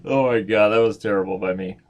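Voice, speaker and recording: A man in his thirties with a lowish voice talks through his games in a loose, chatty way. He jokes at his own expense and thinks aloud as he goes. The tone is casual live-stream commentary. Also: fairly quick, a little mellow, lo-fi sound. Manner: chatty, joking, self-mocking, thinks aloud. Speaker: chess streamer.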